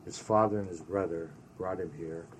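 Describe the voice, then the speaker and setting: An older man recalling his army days in an oral history interview, an animated storyteller who sprinkles in Yiddish words. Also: sits low, normal speed, noisy background.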